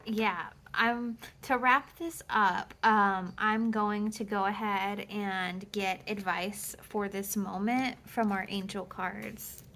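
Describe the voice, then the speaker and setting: A woman's voice: medium pitch, steady tone, slow, few pauses, sharp tone. Blunt, swearing woman tarot reader. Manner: blunt, swears freely, emphatic and motivational; reads card texts aloud. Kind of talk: casual tarot reading monologue.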